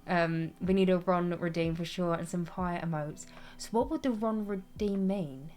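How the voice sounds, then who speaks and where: A woman's voice: lowish voice, moderate pace, darkish tone, faint music behind. A young woman streaming, chatting casually and reading chat, rambling and laughing at herself. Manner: chatty, rambling, self-deprecating, laughs often. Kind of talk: casual chat while gaming, reading chat aloud.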